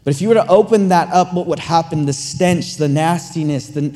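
A man's voice: a little high, fairly quick, mellow. A man preaching a sermon in a conversational, storytelling way, often repeating words as he restarts a thought. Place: church sanctuary. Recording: long reverb of a large church hall.

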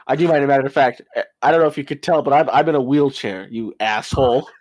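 A belligerent male customer argues in a sarcastic, repetitive way, as a man improvises him in a comedy sketch. His voice has an ordinary middle pitch. The sound is dry and close. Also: fast, a little mellow, dry recording, lightly acted. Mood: indignant. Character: indignant, combative male customer.

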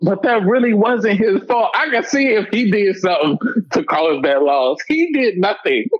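Man bantering about football, high lively voice, muffled lo-fi recording. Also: moderate pace, crowd noise. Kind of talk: casual sports talk.

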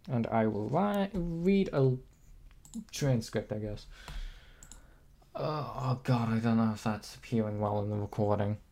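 A man's voice: fairly low pitch, slow, pauses often, mellow. A man co-hosting a casual podcast from home on a voice call, rambling with fillers and swearing. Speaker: podcast co-host. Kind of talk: casual chat.

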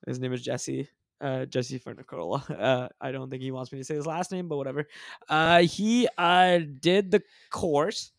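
A man from Canada, a comedian guest on a podcast, rambling excitedly and swearing often. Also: mid-range voice, moderate pace, vocal fry, no room sound, studio quality. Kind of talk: casual chat.

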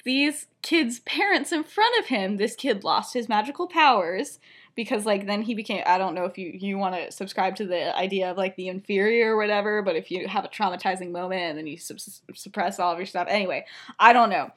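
A woman's voice: mid-range voice, fairly quick. A woman co-hosting a podcast, casually retelling a story in a rambling way and filling her sentences with 'like'. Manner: rambling retelling, heavy use of filler 'like'. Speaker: podcast co-host.

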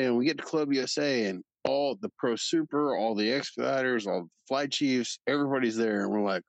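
A man's voice: medium pitch, normal speed, vocal fry, no room sound, rough recording. A man telling stories as a podcast guest, hesitating with many fillers and chuckling. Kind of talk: casual chat.

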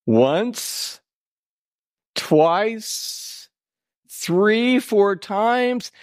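A man's voice: sits high, unhurried, no room sound, studio quality. A man from Indiana preaching a sermon as pastor, folksy and joking with the congregation in a church. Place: church sanctuary.

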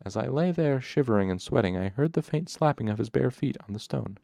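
A man reading a novel aloud as first-person narration, in a measured, even storytelling manner. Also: medium pitch, creaky, dry recording, clean studio sound. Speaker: audiobook narrator.

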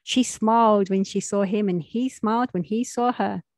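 A woman's voice: mid-range voice, normal speed, a little mellow, no echo. A young adult woman, telling a street story in a plain, matter-of-fact way with street slang.

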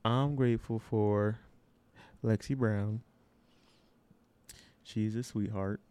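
A man chats casually on a podcast, drifting between thoughts. His voice sits a touch low, and the sound is dry and close. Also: steady tone, slow pace, darkish tone, clear, resonant tone, no room sound. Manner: laid-back, rambling, lots of fillers and laughs. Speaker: podcast co-host. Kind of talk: casual chat.

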